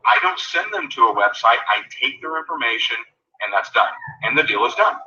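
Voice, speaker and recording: A man giving a sales training talk, coaching listeners and acting out sample phone calls in quick asides. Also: mid-range voice, expressive, pushed and bright. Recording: tinny phone line, echoey and distant.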